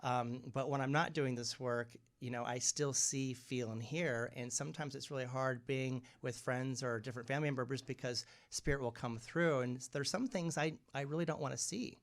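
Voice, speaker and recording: A man with a medium-pitched voice tells stories in a relaxed interview. His delivery is animated, and he puts on the voices of people he quotes. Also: moderate pace, few pauses. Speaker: guest medium. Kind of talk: casual interview conversation.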